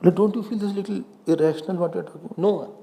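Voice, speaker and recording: A man's voice: high-pitched, fairly even intonation, quick pace, vocal fry, dark tone. A middle-aged man with an Indian accent, a swami giving a spiritual discourse on scripture, acting out questions and answers with a student. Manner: mixes in Hindi and Sanskrit verses.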